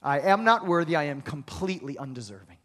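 A man voicing a humble, pleading Canaanite woman of ancient times who speaks in a lowly, quiet way. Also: expressive, quick pace. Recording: long reverb of a large hall.

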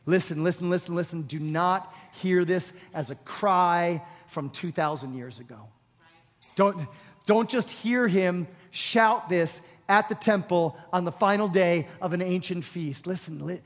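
Guy preaching a sermon, higher voice, keeps asking the crowd stuff, gets loud and fired up, big echoey church. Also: a little slow. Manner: animated preaching, asks the congregation questions, builds to loud emphatic peaks. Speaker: pastor.

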